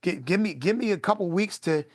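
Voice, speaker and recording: A man voicing a distraught foster mother who pleads slowly in a raised voice. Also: sits high, lively intonation, dry recording, clean studio sound, voice pushed up. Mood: pleading.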